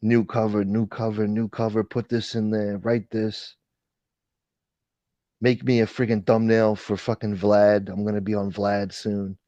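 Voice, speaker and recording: Profane ranting man, low voice. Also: level tone, measured pace, warm tone, no echo, highs cut off. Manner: profane, ranting, reads donations aloud. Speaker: livestream host. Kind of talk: casual livestream chat.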